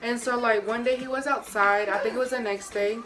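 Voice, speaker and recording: A woman's voice: a little high, steady tone, fairly quick. Chatty young woman vlogger, music behind. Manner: chatty, slangy, talks straight to viewers. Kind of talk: casual storytime vlog.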